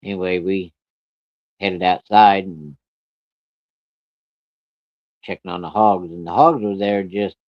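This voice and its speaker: A man telling a true story in a folksy, rough-spoken way, chuckling as he goes. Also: deep voice, no echo, lo-fi sound.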